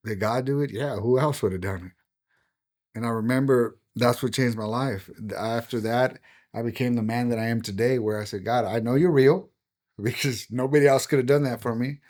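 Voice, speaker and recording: A middle-aged man speaks with earnest emotion as he recounts his life in a conversational testimony. His voice sits at an ordinary middle pitch and sinks quieter on the heaviest moments. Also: normal speed. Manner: earnest, emotional storytelling, drops to a hush on painful moments. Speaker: pastor and podcast guest.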